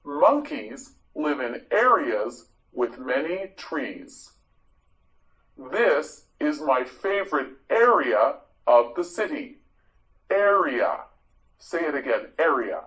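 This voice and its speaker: Slow, lively-pitched patient male teacher. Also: poor audio. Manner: patient, encouraging, repeats each word slowly and clearly. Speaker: English teacher. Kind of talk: vocabulary drill lesson for learners.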